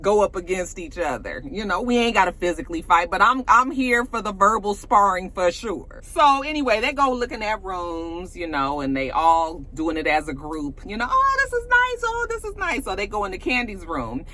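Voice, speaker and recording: Woman vlogger, casual slangy recap, swoops all over her range, sharp bright tone. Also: lowish voice, normal speed, few pauses. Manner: animated, profane and slangy, laughs often, acts out quotes.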